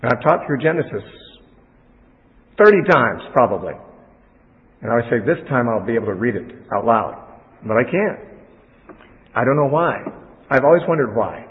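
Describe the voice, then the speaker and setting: An earnest man reads scripture and teaches from it, his voice full of feeling. His voice has a middle pitch. The sound is thin and phone-like, with long reverb from a large hall. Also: lively intonation, moderate pace, long pauses. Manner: earnest, emotional, voice breaking as he reads. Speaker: Bible teacher. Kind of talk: sermon with scripture reading.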